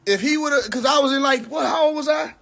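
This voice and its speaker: A young man hosting a livestream, ranting in a casual, profane way. He speaks, sounds incredulous and animated, and breaks into laughter often. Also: very high-pitched, fairly quick, vocal fry. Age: young adult. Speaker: livestream host. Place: in a car.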